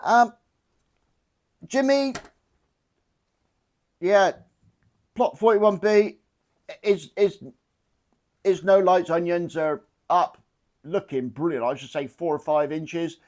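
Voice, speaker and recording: A man's voice: sits high, slow, pauses often, a little mellow. A middle-aged man with a Cornish English accent, chatting casually to camera about his garden in a joking, self-mocking way. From Cornwall, England. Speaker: gardening vlogger.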